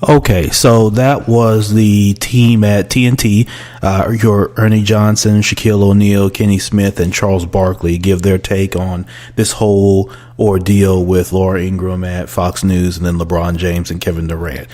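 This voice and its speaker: Deep-voiced man hosting a podcast. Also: unhurried. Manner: relaxed, thinking aloud with fillers. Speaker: podcast host. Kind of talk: casual commentary.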